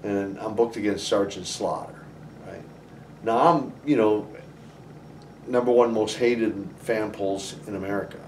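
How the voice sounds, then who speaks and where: Man guest, animated storyteller with frequent restarts, recorded roomy and a bit distant. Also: lowish voice, a little slow, slight background noise. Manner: animated, many restarts and "you know"s. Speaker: interview guest, former wrestler. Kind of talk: conversational storytelling. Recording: roomy, somewhat distant from the mic.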